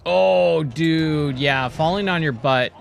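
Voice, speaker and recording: Excitable man rambling over gameplay. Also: on the high side, takes it slowly, vocal fry, soft background music. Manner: rambling, nostalgic, excitable, says "dude" a lot. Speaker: streamer. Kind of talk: casual gameplay commentary. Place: home, playing a VR game.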